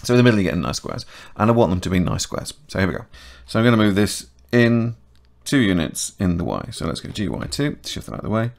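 A middle-aged man explains a 3D modelling tutorial in a casual, chatty way, correcting himself as he goes. His voice sits a little low and carries a gravelly edge. He talks each step aloud as he works. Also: sing-song, fast talker. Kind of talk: casual screen-recorded software tutorial.

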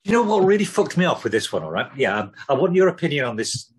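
A man's voice: a little high, big pitch swings, fast, slightly rough, low-quality recording. A man co-hosting a podcast, rambling and joking with lots of swearing and ums. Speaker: podcast co-host. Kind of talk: casual chat.

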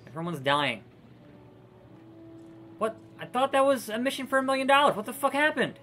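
A man's voice: extremely high pitch, sing-song, normal speed, pushed and bright. A man streaming a park-building game, ranting profanely and exasperated with many restarts. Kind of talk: casual gameplay commentary.

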